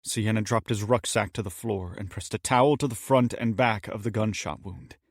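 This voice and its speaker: A man narrating an audiobook in a steady, measured way on a close mic. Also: on the low side, gravelly, dry recording. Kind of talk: scripted narration.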